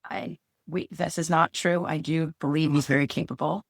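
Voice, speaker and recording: Woman co-host, lowish voice, dry close sound, candid heartfelt chat, emotional and searching. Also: steady tone, moderate pace, gravelly, no room sound. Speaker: podcast co-host.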